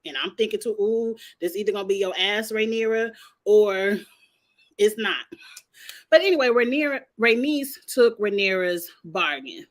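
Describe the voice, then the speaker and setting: A woman's voice: mid-range voice, normal speed. A woman hosting a casual TV recap, telling the story with sass and playful cursing. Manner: sassy, animated retelling with playful cursing. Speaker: show recap host.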